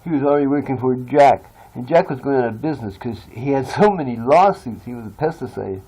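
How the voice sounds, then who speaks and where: Husky-voiced man, rambling and blunt. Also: medium pitch, expressive, fairly quick, dark tone, low-quality recording. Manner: blunt, swears freely. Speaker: vlogger. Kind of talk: rambling confessional monologue.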